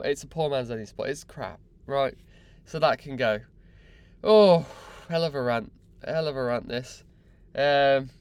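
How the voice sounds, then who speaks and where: A man's voice: fairly high pitch, a little mellow, no echo. A young man hosting a podcast, mocking and exasperated in a sweary comic rant. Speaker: podcast host.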